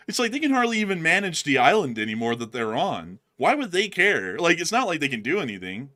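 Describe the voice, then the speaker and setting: Bright, laughing American-style bro host. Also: male voice, fairly high pitch, big pitch swings, a little fast, few pauses. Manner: laughing, slangy, acts out quotes. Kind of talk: casual comedic chat.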